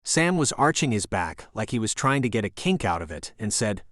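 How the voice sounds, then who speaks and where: A man reading a thriller audiobook as narrator, in a steady storytelling voice. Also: lowish voice, brisk, no echo, studio quality. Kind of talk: scripted narration.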